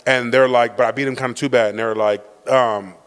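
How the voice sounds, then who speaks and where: A man co-hosting a podcast, telling a family story in a rambling, animated, profane way and acting out the voices. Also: medium pitch, brisk, clear, resonant tone, long reverb tail. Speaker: podcast co-host. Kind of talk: casual storytelling with his brother.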